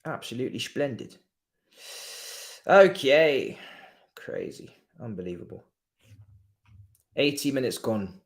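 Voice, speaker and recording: A man's voice: medium pitch, animated, slow, pauses often. Slangy man commenting on football live. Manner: chatty, slangy, reacting. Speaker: streamer host. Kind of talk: casual live match commentary. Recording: echoey room.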